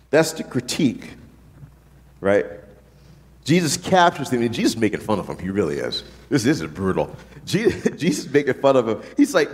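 A man preaching a sermon with lively, joking delivery, often asking "right?" and acting out the voices of the people he quotes. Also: mid-range voice. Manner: animated, jokey preaching with frequent rhetorical "right?". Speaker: pastor. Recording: long reverb from a large hall.

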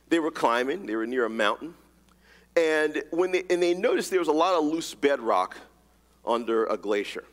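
A man's voice: mid-range voice, in a large hall. A man preaching a sermon, emphatic and casual, reading scripture and telling a story. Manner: animated, rapid-fire emphatic delivery, casual slang.

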